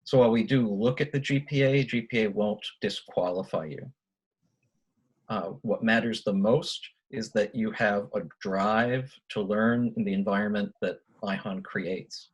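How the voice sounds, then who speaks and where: A male professor on a video call, answering panel questions in a measured, explanatory way. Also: lowish voice, breathy edge, poor audio.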